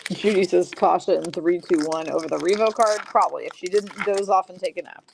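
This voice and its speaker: A woman hosting a live-streamed trading card break, briskly calling out each pull and teasing her chat viewers. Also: fairly low pitch, vocal fry, noisy background.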